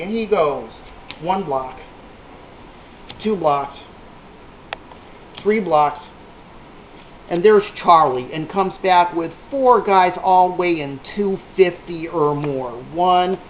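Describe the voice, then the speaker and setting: A man's voice: fairly high pitch, slow, long pauses, slight background noise. A man telling a rambling, salty anecdote to a small group, with a punchline-driven delivery. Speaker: storyteller. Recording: echoey room on a tinny lo-fi line.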